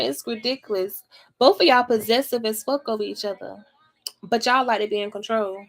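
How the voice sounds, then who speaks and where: Blunt, profane woman reading tarot. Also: on the high side. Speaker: tarot reader. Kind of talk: casual tarot reading to camera.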